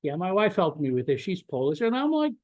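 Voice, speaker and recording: Male professor, lecture delivery, lively rhetorical style, very varied pitch. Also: fairly quick, dry recording. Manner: animated, with rhetorical questions. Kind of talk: lecture to teachers.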